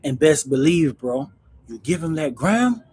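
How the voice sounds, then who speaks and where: A man hosting his own channel, telling stories in a casual, animated, slangy way, calling everyone "bro". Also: on the high side, unhurried, slightly rough. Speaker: channel host recounting prison life. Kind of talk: casual storytelling to camera.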